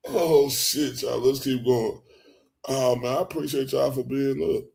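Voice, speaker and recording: A man's voice: medium pitch, steady tone, measured pace, creaky, darkish tone. A man reacting to a clip, laughing hard and rambling as he repeats himself. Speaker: reaction video host. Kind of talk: casual reaction commentary.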